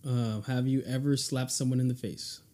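A man hosting a podcast, firing quick questions at a guest and laughing often between them. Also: medium pitch, fairly even intonation, darkish tone. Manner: laughs often, stumbles and restarts. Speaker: podcast host. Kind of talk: casual rapid-fire questions.

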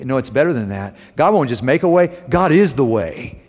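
A middle-aged man preaching a sermon, telling stories with animated rises and loud emphasis on key phrases. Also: mid-range voice, fairly quick, hardly any pauses. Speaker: preacher and homiletics teacher. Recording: long hall reverb.

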